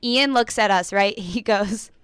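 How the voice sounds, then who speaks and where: Young woman, radio co-host; animated rant, smooth clear voice, dry studio sound. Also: mid-range voice, a little slow, no echo. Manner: animated, frequent "like", laughs while telling. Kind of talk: casual radio chat, storytelling rant.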